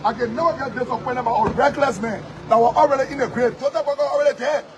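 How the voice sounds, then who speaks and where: A man's voice: very high-pitched, fast talker. A Liberian man and politician giving a combative, repetitive street interview outdoors. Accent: Liberian English. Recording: crowded street with sirens and noise.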